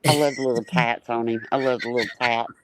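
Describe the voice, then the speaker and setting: A woman's voice: extremely low pitch, fairly even intonation, fast, background noise. A woman on a livestream panel, talking bluntly and brashly with cursing. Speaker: panel guest. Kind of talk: casual livestream chat.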